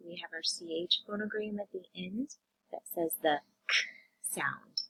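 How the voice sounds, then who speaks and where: A woman teacher reviewing vocabulary and phonics with young children, sounding words out slowly and asking them questions. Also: fairly low pitch, creaky, fairly bright tone, breathy edge, rough recording. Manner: slow, drawn-out phonics sounding-out, addressing kids.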